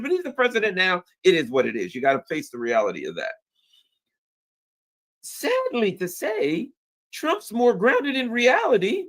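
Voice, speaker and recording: A man co-hosting a political commentary show, his pitch swinging widely as he talks. He restarts sentences often and slips into mocking imitations of his opponents. His voice sits a bit higher than most men's. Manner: animated, restarts often, mocks opponents in put-on quotes. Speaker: co-host.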